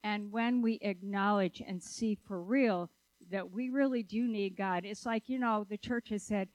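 A woman preaches in a conversational, animated manner, talking directly to her listeners and asking them questions. Her voice sits at an ordinary middle pitch. The recording is dry and close, with little room sound. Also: unhurried, dry recording, low-quality recording. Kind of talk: sermon with storytelling.

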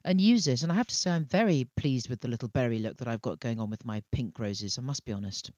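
A woman's voice: a bass voice, quick pace, mellow, no echo, highs cut off. A middle-aged woman co-hosting a casual podcast chat, enthusiastically reading out facts. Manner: enthusiastic, reads facts aloud. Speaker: co-host.

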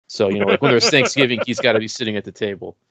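A man co-hosting a podcast, chatting casually and making dry, deadpan jokes. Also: lowish voice, rapid-fire, no room sound. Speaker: podcast co-host. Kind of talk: casual chat.

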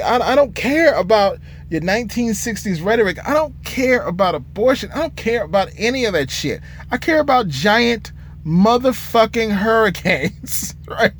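Young trucker guy venting, high voice jumping all over, cussing and laughing, faint hum behind. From Michigan. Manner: profane, frustrated, laughing often. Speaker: truck driver vlogger. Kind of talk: casual rant to camera.

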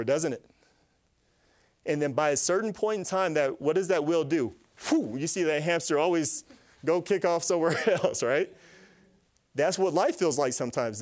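A man giving an animated, faith-based teaching talk to a live group, asking them questions and acting out little voices. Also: a little high. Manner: animated, asks the audience questions, acts out voices. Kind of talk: lively sermon-style teaching to a live group.

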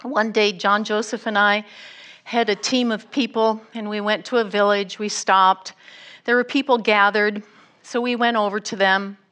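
A woman's voice: medium pitch, steady tone, a bit bright. A middle-aged woman missionary giving a sermon, telling a story earnestly. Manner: slow, earnest storytelling with acted quotes. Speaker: guest missionary speaker.

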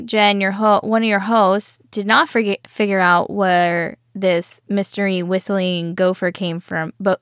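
A young woman co-hosting a podcast in casual chat, talking in quick, giggly bursts. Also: mid-range voice, fairly bright tone, no room sound, studio quality. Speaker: podcast co-host.

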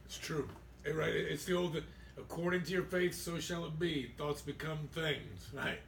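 A man's voice: fairly high pitch, moderate pace, creaky, a bit bright, slight background noise. A man hosting an interview, talking in a folksy way and quoting old sayings, heard from a distance in an echoey room. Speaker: host. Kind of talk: interview chat. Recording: distant, echoey with faint ambience.

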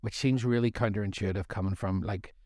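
A man's voice: on the low side, steady tone, fairly quick, darkish tone, dry recording, studio quality. A middle-aged man co-hosting a faith study series, talking in a rambling, jokey way with self-deprecating asides. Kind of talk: casual faith discussion.

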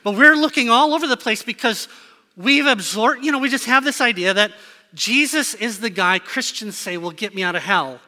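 Bright, conversational man preaching in church. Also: very high voice, lively intonation, normal speed, in a large hall. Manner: conversational, asks the congregation questions. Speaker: pastor. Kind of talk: sermon. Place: church sanctuary.

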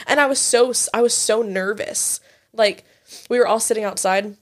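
A young woman in her twenties rambles through a story on a podcast, full of "like" and swearing. She laughs as she goes, her voice sitting at an ordinary middle pitch. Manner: fast, profane, laughing, filler-heavy "like". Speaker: podcast co-host. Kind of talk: casual storytelling chat.

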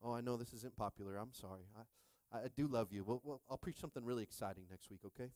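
A middle-aged man preaching a sermon with lively energy, often checking in with the congregation. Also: medium pitch, fast talker, dry recording. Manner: energetic, repeatedly asking "are you with me?". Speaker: pastor.

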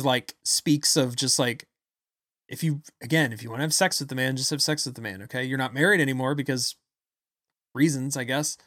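A man giving an angry, blunt political rant, loud and insulting as he talks. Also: on the high side, no room sound, clean studio sound. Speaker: political commentator. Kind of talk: ranting political commentary.

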